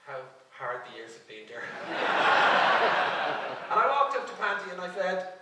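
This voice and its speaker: A man's voice: high voice, very animated, moderate pace, very noisy. An Irish man hosting a stage roast, brash and bawdy, teasing his subject in front of a crowd. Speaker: roast host. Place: large club or theatre stage. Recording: echoey live venue, far from mic, loud crowd. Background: audience laughter and cheering.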